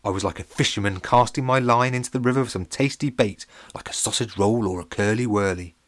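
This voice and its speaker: A man's voice: lowish voice, a little fast, no echo, natural voice. A man voicing a boastful kid acting as a spy, talking in a conspiratorial way.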